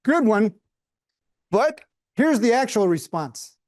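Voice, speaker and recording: A man's voice: sits high, very animated, takes it slowly, darkish tone, dry recording. A middle-aged man giving a prepared speech with humorous storytelling, dry asides and questions to the audience. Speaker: club speaker.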